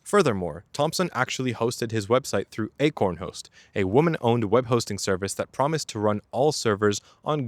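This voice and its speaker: A man's voice: fairly low pitch, dry recording. A young man narrating a scripted video essay as its host, mixing storytelling with wry, casual joking asides. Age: young adult.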